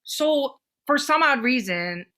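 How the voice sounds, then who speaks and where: Bright-voiced, swearing woman telling a story. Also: sits high, slow pace. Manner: animated, swearing, acts out voices in anecdotes. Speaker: podcast co-host. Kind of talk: casual chat, storytelling.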